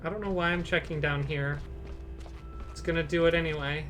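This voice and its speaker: A woman streamer giving casual commentary while playing a game, with dry, quiet asides. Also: low-pitched, fairly even intonation, fairly quick, long pauses. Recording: game music playing behind.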